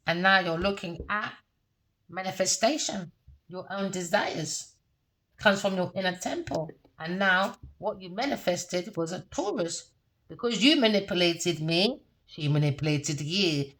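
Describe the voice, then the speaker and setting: A woman giving a casual tarot reading in a brash, profane, mocking way, laughing often and swinging between low muttering and loud, high bursts. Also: unhurried. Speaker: tarot reader.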